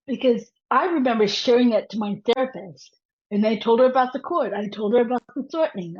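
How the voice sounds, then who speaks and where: A woman guest on an interview show, telling a story and animatedly acting out the voices of the people in it. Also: on the high side. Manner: animated, quotes voices as she tells. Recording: dull lo-fi audio.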